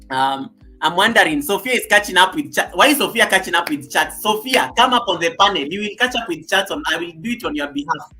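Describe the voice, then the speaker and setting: A man's voice: high voice, lively intonation, fairly quick, pushed and bright, faint music behind, low-quality recording. A man hosting a casual livestream, chatty and repetitive, greeting viewers one by one by name. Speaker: livestream host.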